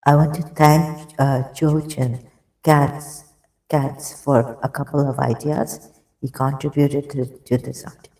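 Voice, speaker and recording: A streamer discussing religious texts reads passages aloud at a measured pace in a mid-range voice, reacting with excitement. He's short of breath, coughing and apologizing as he restarts often, and he sounds off-mic in an echoey room.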